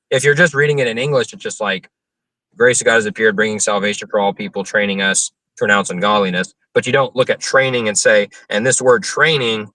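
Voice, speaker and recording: A man's voice: mid-range voice, fairly bright tone, no room sound, recorded from a distance, low-quality recording. A young man, an open-air preacher, earnestly answering interview questions about theology, with frequent fillers and restarts.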